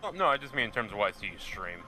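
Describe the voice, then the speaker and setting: A man on voice chat with friends, teasing and halting with fillers in a casual gaming chat. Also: lowish voice, big pitch swings, bright, forceful tone, faint music behind, low-quality recording.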